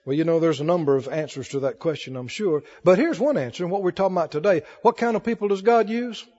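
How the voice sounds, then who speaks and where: High-voiced preacher in an echoing hall. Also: male voice, fast talker, a little mellow. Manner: emphatic preaching, calls for congregation responses. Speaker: pastor. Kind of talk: sermon. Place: church hall with congregation. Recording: lo-fi recording in a reverberant hall.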